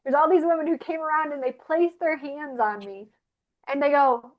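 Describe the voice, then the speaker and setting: A woman who is a regular panelist, sharing a personal spiritual story in an earnest, animated way. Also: high-pitched, moderate pace. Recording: muffled lo-fi audio.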